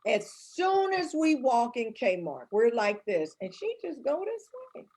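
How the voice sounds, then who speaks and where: A woman's voice: a little high, measured pace, slightly rough. Woman, middle-aged, St. Louis accent, casual talk show chat, bouncy voice. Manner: animated storyteller, acts out voices of her kids. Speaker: co-host.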